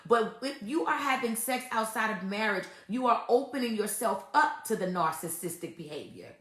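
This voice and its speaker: A woman hosts a casual, faith-based talk about relationships, speaking at a medium pitch and normal speed with an animated, fairly bright voice. She is emphatic and repetitive, often laughing as she makes her points, and the sound is roomy.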